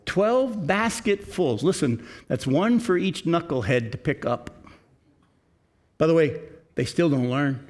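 A man's voice: fairly high pitch, animated, a little slow, pauses often, a little mellow. A male pastor preaching a sermon in a conversational way, asking his listeners questions.

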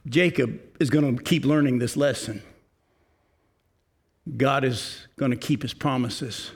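An older man preaching a sermon, reading scripture slowly and emphatically and then talking to the congregation in an earnest, conversational way. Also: mid-range voice, breathy edge. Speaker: pastor.

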